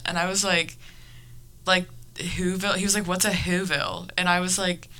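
A young woman hosts a casual podcast chat, her voice very bright and crisp. She tells stories in an animated way, laughing often and filling pauses with lots of fillers. She sits at home in Florida. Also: fairly low pitch. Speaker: podcast host.

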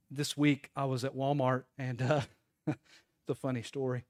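A man's voice: medium pitch, big pitch swings, fairly quick, dry recording, studio quality. A man in his thirties, a pastor, preaching a sermon in a conversational storytelling way to his congregation.

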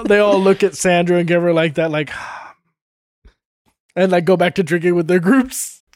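A man's voice: high-pitched, brisk, darkish tone, dry recording, clean studio sound. A man casually narrating and playing in a tabletop role-playing game. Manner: laughing, chatty.

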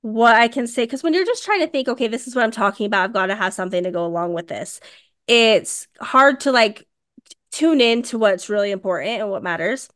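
A woman in her thirties co-hosting a podcast, telling a story in a casual, animated way. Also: fairly high pitch, a little fast. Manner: animated storytelling, acts out quoted dialogue. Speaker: podcast co-host.

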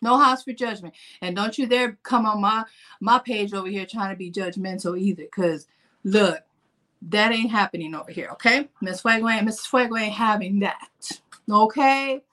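A woman in her forties talking casually to camera in a vlog, animated and playful. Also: medium pitch, moderate pace. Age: 40s. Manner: animated, playful, acts out her own inner voice. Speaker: fitness vlogger.

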